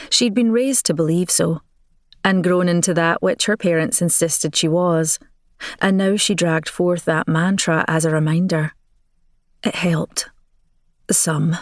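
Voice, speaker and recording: A woman narrating a romance audiobook in a measured, expressive storytelling manner, recorded on a close studio mic. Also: lowish voice, no room sound.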